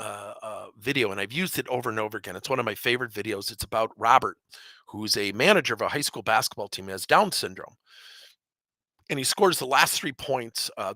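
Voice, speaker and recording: A middle-aged man from Wisconsin, a business coach telling stories in an energetic keynote, acting out quotes and jumping up in pitch for emphasis. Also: creaky, dry recording. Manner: animated, jumps high in pitch for emphasis, acts out quotes.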